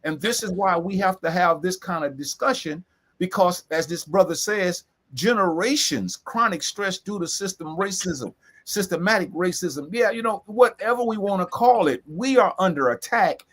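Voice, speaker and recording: Emphatic man with a high voice. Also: lively intonation, a bit bright. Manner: emphatic, repeats key phrases slowly. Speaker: co-host. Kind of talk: earnest discussion.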